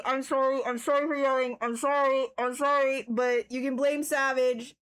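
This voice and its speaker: Excitable, bright-voiced woman streamer. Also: high voice, moderate pace, few pauses, clear, resonant tone. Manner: excitable, bursts into shouts then apologizes; swears freely, playful trash talk. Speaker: livestreamer sculpting on stream. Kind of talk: casual live-stream chat.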